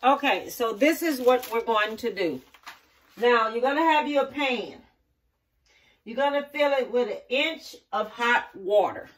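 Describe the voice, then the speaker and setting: A middle-aged woman from the country leads a casual, homey cooking demo in her kitchen, folksily explaining each step to viewers. Her voice is a little high and animated, a touch slow, and she's far from the mic.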